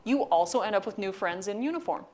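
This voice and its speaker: A woman giving a lecture, telling funny anecdotes with wry, deadpan asides. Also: medium pitch, quick pace. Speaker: university lecturer. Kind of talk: storytelling lecture.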